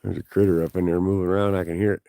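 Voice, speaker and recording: A man's voice: deep voice, flat delivery, racing, creaky, mellow, clean tone, no room sound. A man live-streaming an outdoor hike, chatting folksily with his viewers while out of breath, recorded on a phone outdoors. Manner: folksy, keeps calling out to viewers. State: out of breath from hiking. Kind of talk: casual live-stream chat. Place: outdoors in high mountain country.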